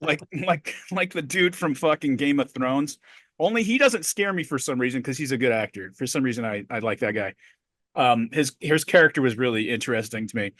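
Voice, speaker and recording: A middle-aged man co-hosting a podcast, telling a story in a profane, animated way. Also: medium pitch, brisk, dry recording, clean studio sound. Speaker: podcast co-host. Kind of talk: casual podcast chat.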